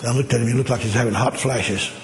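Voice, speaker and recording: A man from Tennessee, telling a testimony in a sermon and acting out the dialogue with lively jumps in pitch. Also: fast. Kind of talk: sermon storytelling. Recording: echoey hall with long reverb, faint noise.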